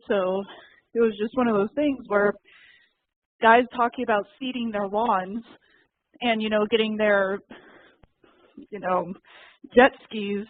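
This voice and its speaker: A woman's voice: on the high side, no echo. Chatty woman on a thin call line. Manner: chatty and candid, many fillers. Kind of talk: casual chat. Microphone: call audio, muted and unmuted. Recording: thin phone-like dry call audio.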